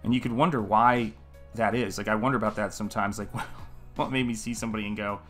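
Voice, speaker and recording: A man's voice: lowish voice, fairly even intonation, quick pace, a bit bright, faint music behind. A man hosting a live painting stream, talking in a casual, earnest, musing way and greeting viewers in the chat by name.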